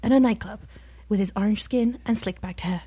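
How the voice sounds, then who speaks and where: Brief: English woman doing an elderly male documentary narrator, soft and hushed. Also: medium pitch, fairly quick, husky, lightly acted.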